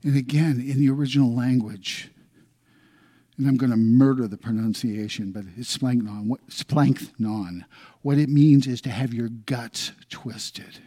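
A middle-aged man preaching a sermon, swinging from loud emphatic lines down to hushed, almost whispered ones. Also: medium pitch, steady tone, moderate pace, slightly rough. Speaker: pastor.

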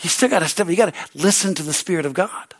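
A man's voice: high voice, animated, fast talker. A man pastor preaching a sermon, fervent and repetitive, with call-and-response asides.

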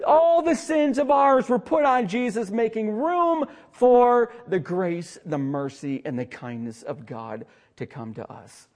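A man preaching a sermon as pastor, with dramatic swings between loud emphasis and hushed asides and a sarcastic streak. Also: sits high, unhurried. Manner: sarcastic humor.

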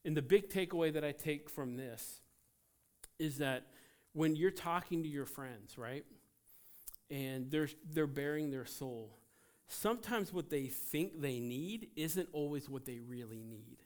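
Male pastor mid-sermon, somewhat high voice, lively and emphatic, dropping to quiet asides. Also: a little slow. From United States. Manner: animated, emphatic, swings between loud peaks and quiet asides.

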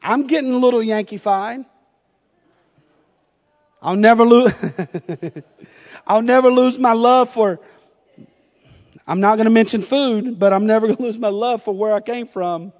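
High-voiced Southern pastor in a hall. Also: male voice, darkish tone. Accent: Southern US, North Carolina. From North Carolina, US. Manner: humorous storytelling with frequent laughter. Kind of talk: sermon.

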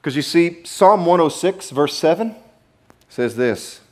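A male pastor preaching a sermon to his congregation in a church, animated, with sudden drops to a low murmur. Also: measured pace. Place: church sanctuary.

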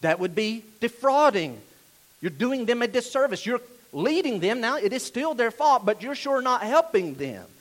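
A man with a Southern drawl preaches a sermon in a high voice that leaps up and down. He talks straight to his congregation in a conversational way, throwing them pointed questions one after another. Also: sing-song, moderate pace. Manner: direct, conversational, questioning the listeners. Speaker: pastor.

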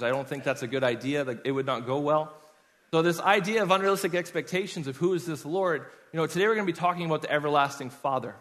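A man's voice: on the high side, a bit bright. Man preaching in a reverberant hall. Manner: conversational, personal storytelling. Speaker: pastor. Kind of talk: sermon.

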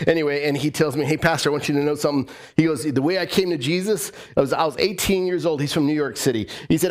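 A male pastor preaching a sermon, telling stories with a voice that swings up and down. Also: medium pitch. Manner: animated storytelling, voice rising and falling.

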